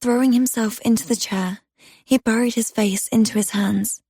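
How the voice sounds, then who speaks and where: Female first-person romance narrator, breathy, fairly high voice, intimate storytelling. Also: fairly even intonation, normal speed, dark tone, no room sound, clean studio sound. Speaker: audiobook narrator.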